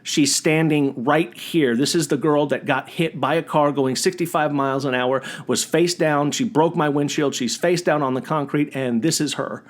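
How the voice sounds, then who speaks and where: A man hosting a podcast, telling a personal story as a monologue, animated and often restarting his sentences. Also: on the high side, normal speed, few pauses. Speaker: podcast host.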